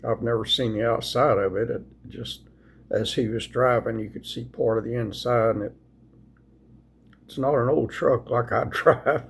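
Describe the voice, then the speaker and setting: A man, sleepy and folksy, chatting casually and reading scripture aloud in a slow, rambling way. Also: mid-range voice, steady tone, gravelly, husky. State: sleepy, yawning. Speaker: video host sharing scripture. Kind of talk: casual devotional talk and Bible reading.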